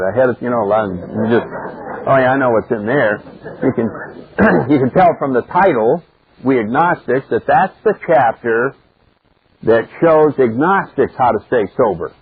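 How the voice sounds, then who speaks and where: Male meeting speaker, folksy storyteller, slightly husky, captured on a tinny lo-fi tape. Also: mid-range voice, no echo. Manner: conversational, folksy, tells humorous anecdotes. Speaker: speaker at a twelve-step meeting. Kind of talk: personal storytelling talk. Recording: narrow phone-like cassette recording of a live talk.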